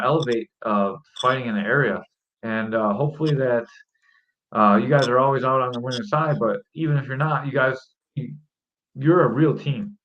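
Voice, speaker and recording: A man's voice: mid-range voice, highs cut off, slight background noise. A man hosting a casual podcast chat, upbeat and rambling with plenty of fillers as he asks questions. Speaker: podcast host.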